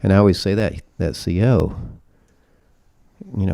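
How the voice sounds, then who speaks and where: A man's voice: low-pitched, normal speed, vocal fry, dark tone. A man speaking at a conference, emphatic and preachy, leaning on vivid metaphors. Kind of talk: open-forum conference talk.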